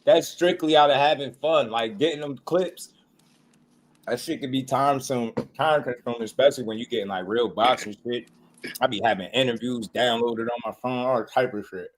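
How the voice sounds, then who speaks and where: A man's voice: mid-range voice, moderate pace. A man hosting a boxing channel in casual chat, talking in laid-back slang and laughing often.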